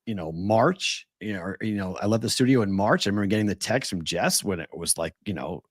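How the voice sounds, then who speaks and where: A man's voice: on the low side, lively intonation, brisk, dry recording, studio quality. A man co-hosting a casual podcast, telling stories animatedly, acting out quotes and swearing. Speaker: co-host.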